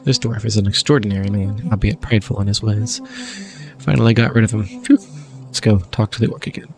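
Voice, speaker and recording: Faint game music plays behind a fairly low, brisk male voice. He hosts a game channel, reading the on-screen text as he plays and frequently laughing or adding dry remarks.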